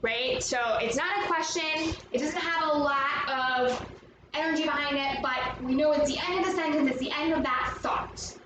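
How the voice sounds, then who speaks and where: A woman's voice: high voice, fairly even intonation, normal speed, background noise. A woman teaching a children's movement lesson, upbeat and encouraging, explaining each step. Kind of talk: guided movement lesson for kids. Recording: echoey room, mic at a distance, music playing.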